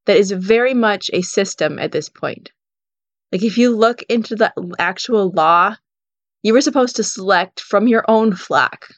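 A woman's voice: medium pitch, no room sound. Woman teaching scripture, dull dry sound. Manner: conversational storytelling, frequent "you know" and "like". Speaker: Bible teacher. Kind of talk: casual Bible teaching.

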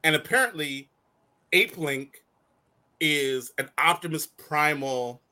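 A man co-hosting a fan talk show in casual chat, animated and rambling, with many restarts and frequent laughs. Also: a little high, slow pace. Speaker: co-host of a call-in fan show.

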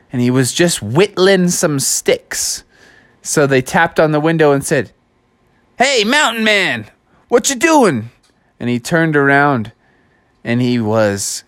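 A man narrating a children's read-along storybook in a relaxed, slangy manner. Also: medium pitch, no echo, studio quality.

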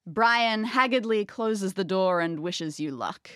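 A woman narrating a tabletop game as game master in the second person, lively and wry. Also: medium pitch, takes it slowly, clear, resonant tone, no echo, clean studio sound.

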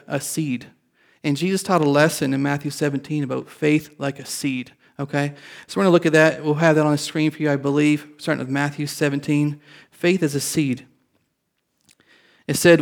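A man in his fifties, a pastor, telling a personal story in his sermon in a chatty way, with many restarts, and growing animated at the punchlines. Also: a little high.

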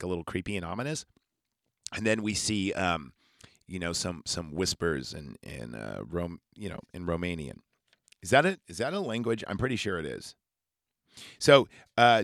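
Rambling, profane podcast host. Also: male voice, on the low side, dry recording, studio quality. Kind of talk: casual movie recap.

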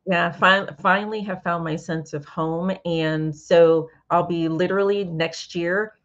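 A woman's voice: fairly low pitch, a little slow, muffled recording. A woman from Brooklyn, a sex coach, telling stories animatedly as an interview guest. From New York (Brooklyn). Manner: animated storyteller, voices other people in her anecdotes. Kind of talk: casual interview chat.

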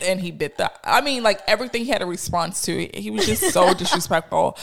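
A woman podcast host, telling stories in slangy, animated casual chat. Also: medium pitch, a little fast, vocal fry, hardly any pauses. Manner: animated storyteller, slangy, laughs.

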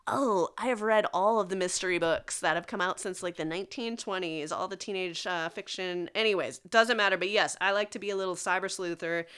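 A woman's voice: on the low side, fairly quick, few pauses, a bit bright, clean tone. A woman guesting on a podcast, chatting enthusiastically and sharing trivia she dug up. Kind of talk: casual podcast chat.

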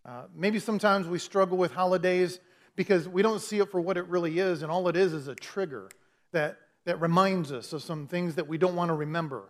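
A man with a notably high voice preaches to his church. He talks in an easy, conversational way, often stopping and restarting his sentences as he goes. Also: a little fast. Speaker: pastor. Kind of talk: sermon.

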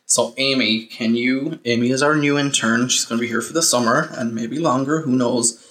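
A man's voice: medium pitch, normal speed, a bit bright, rough recording. Chatty man hosting a podcast. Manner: chatty, explains things at length. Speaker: podcast host. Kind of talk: casual podcast chat.

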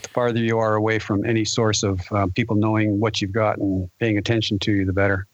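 A man's voice: fairly low pitch, flat delivery, fast, no room sound. Blunt man on a dull, dry mic. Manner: blunt, opinionated. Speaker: co-host. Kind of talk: casual podcast chat.

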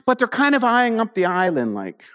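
A man preaching a conversational sermon, telling the story with animated asides to his congregation. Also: high-pitched, normal speed. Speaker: pastor. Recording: long hall reverb.

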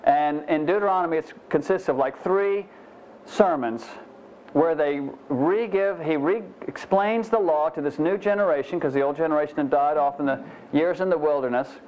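A man teaches scripture in a relaxed, folksy sermon, dropping "you know" asides and poking fun at himself. His voice sits a little high for a man. The recording is dull and muffled. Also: moderate pace. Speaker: pastor. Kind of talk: conversational Bible teaching sermon.

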